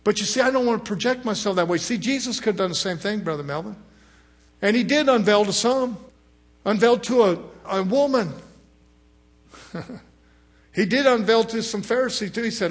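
Male preacher, husky voice sitting a bit high, surges loud then drops to a murmur, mimics the people he quotes. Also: expressive, moderate pace, long pauses. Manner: swings from loud rising exhortation to low murmured asides. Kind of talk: sermon.

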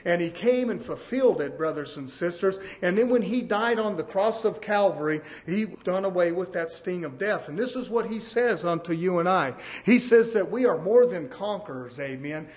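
High-voiced preacher with a drawl. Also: male voice, lively intonation, normal speed, hardly any pauses. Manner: emphatic preaching with sudden rises in pitch and loudness; peppers lines with "amen" and "brothers and sisters". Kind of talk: sermon.

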